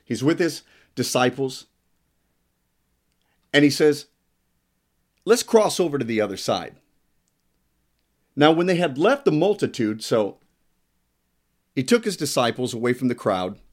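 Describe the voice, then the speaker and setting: A man's voice: mid-range voice, very animated, unhurried, pauses often. A man preaching a sermon, reading scripture and adding emphatic, playful asides.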